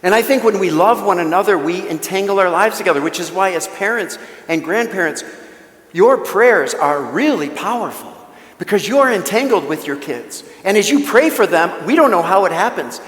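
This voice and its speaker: A man with a fairly high voice gives a conversational mission talk in a church. He tells stories and makes joking asides to the audience, and his voice rings through the room with a long reverb trailing after it. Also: lively intonation, moderate pace, a bit bright. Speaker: guest speaker at a parish mission.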